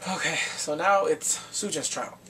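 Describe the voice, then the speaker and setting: A man recapping a TV drama in a casual vlog, chatty and excitable, acting out the scenes. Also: on the high side, a little slow, distant mic, slight background noise, rough recording. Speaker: drama reviewer.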